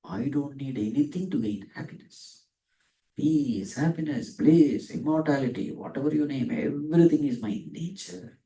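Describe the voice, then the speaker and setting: With a warm, mid-range voice, a spiritual teacher gives a Vedanta discourse, questioning and then answering himself while slowly dwelling on Sanskrit terms. The recording is distant and echoey.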